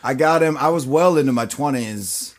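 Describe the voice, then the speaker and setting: A man in his thirties telling a funny story in casual podcast chat, animated and profane. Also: medium pitch, normal speed. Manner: animated, profane, does voices in anecdotes. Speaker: podcast guest, musician.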